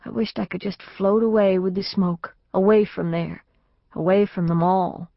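An audiobook narrator with a medium-pitched, fairly even voice and some vocal fry reads a first-person novel at a moderate pace. She keeps the telling plain but lifts her voice for the family's lines. The recording is dry, slightly dull studio audio.

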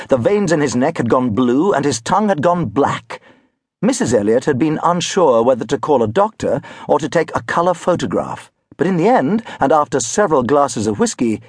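A male audiobook narrator with a husky voice and a lively, wry delivery, telling a children's story. Close and dry, with no room sound. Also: mid-range voice, normal speed, no room sound. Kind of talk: scripted narration.

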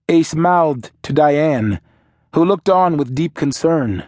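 A man narrating a novel in a measured, steady storytelling manner. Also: on the high side, no room sound, studio quality. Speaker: audiobook narrator. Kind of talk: scripted narration.

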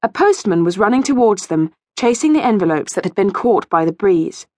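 A woman reads a children's story in an expressive, animated way. Her voice sits in a middle pitch, recorded dry and close in a studio. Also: a little fast, no room sound. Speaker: audiobook narrator. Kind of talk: scripted narration for children. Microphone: studio mic.

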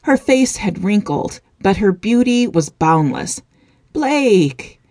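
A woman narrates a romance audiobook in an even, steady voice. Her pitch sits in the middle of the range. The recording is close and dry. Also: measured pace, no echo.

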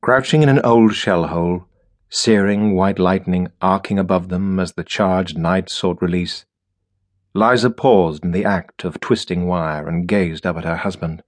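A man reading a science fiction audiobook in a measured, steady storytelling manner. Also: deep voice. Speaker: audiobook narrator. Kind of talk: scripted narration.

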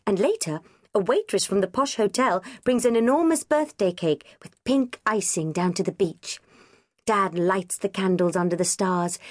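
A woman narrating a children's audiobook in the first person, with lively, expressive storytelling. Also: mid-range voice, dry recording, studio quality.

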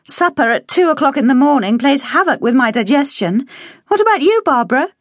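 A high-pitched, sharp-tongued young woman voiced by a female narrator in an audiobook. She sounds excitable, and her voice leaps around. The recording is dry and close. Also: fairly quick, dry recording. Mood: chiding.

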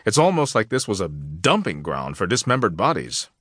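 A man playing a seasoned archaeologist in a storybook, blunt and plain-spoken, with a lowish voice. His pitch moves a lot, and the sound is dry and close. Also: very animated, normal speed, fairly bright tone, dry recording. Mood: baffled. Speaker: storybook character in an audiobook.

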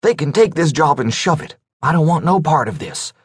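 A man's voice: fairly high pitch, expressive, normal speed, breathy edge, no echo, clean studio sound, voice pushed up. A man voicing a scared, nervous man on the run who talks in a quavering, pleading voice.

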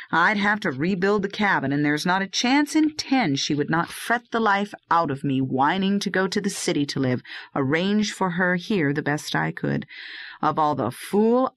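A woman's voice: low voice, fairly bright tone, dry recording. A woman voicing a rugged young male herb harvester who chides and coaxes his dog. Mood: exasperated. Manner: earnest, chiding, talks to his dog. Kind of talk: audiobook dialogue reading.

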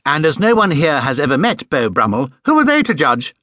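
A man putting on a no-nonsense older housekeeper who is brisk and emphatic, pitched up with sharp lively rises. A husky edge stays under it. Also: no room sound.

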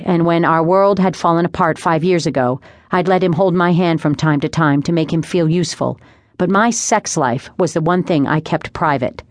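A young woman reading a first-person audiobook in a measured, wry storytelling manner. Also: low-pitched, dry recording. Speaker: audiobook narrator. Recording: dry close studio sound.

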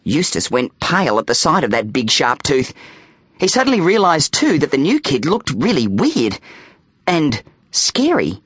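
A man reading a children's audiobook aloud with playful, animated storytelling on a close studio mic. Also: a little high, moderate pace, breathy edge, no echo. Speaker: audiobook narrator.

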